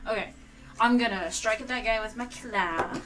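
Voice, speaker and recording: A woman with a slightly high voice speaks at a moderate pace on a low-quality recording, with clear music playing behind her. She's a player in a casual tabletop game, chatting and thinking aloud as she adds up the dice for her attack rolls.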